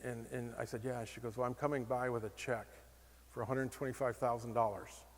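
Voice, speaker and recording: A man giving a personal storytelling talk at a conference, animated and self-deprecating, acting out bits of dialogue. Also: mid-range voice, fairly quick. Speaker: conference speaker. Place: conference hall. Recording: reverberant conference hall.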